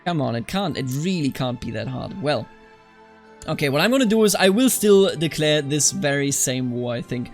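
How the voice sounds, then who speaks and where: A young man from Germany giving casual gameplay commentary on a strategy game, animated and quick to play-act outrage, scolding the game's characters. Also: a little high, faint music behind. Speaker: strategy game let's-player.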